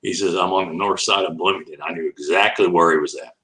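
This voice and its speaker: A man's voice: low voice, steady tone, fast, pushed and bright, low-quality recording. An older man, an animal educator, telling a long anecdote as an interview guest, laughing often and acting out the voices in his story.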